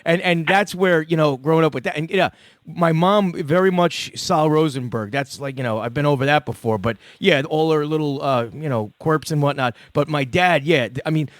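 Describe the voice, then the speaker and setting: A man's voice: on the high side, moderate pace, no echo. A middle-aged man hosting a call-in podcast, talking loosely and profanely in rambling stories. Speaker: podcast host. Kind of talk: casual call-in chat.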